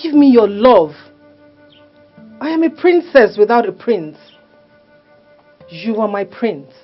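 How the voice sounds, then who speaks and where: An actress playing a scheming spirit princess who coaxes and commands, her voice husky. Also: on the high side, sing-song, slow, exaggerated voice. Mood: coaxing. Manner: coaxing, then commanding. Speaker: actress in a drama series. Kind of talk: dramatic film acting. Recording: dull sound with faint music.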